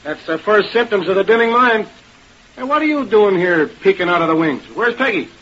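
A man's voice: high voice, lively intonation, a little fast, a bit bright, slightly rough, full character voice. A man playing a teasing, breezy backstage busybody in 1930s radio acting. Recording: muffled old radio recording.

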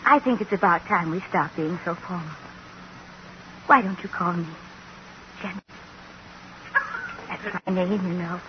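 A woman's voice: lowish voice, a little slow, long pauses, natural voice. An actress playing a demure, lonely woman hoping to be courted in a 1940s radio comedy, coy and wistful. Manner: coy, wistful, gently forward. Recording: dull, faintly hissy old radio recording.

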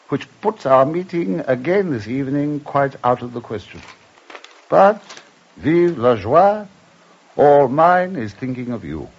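A carefree, witty English gentleman in an old radio play, speaking with elegant theatrical flair. His delivery swoops and dances with a slightly husky edge. The sound is dull and muffled, like an old broadcast. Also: fairly high pitch, exaggerated voice. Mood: reading aloud. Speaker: lead and narrator. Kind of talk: 1950s radio drama acting.

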